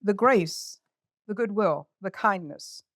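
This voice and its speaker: A woman's voice: mid-range voice, takes it slowly, no echo, clean studio sound. An older woman telling an emotional personal story on stage, candid and self-mocking. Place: community center event.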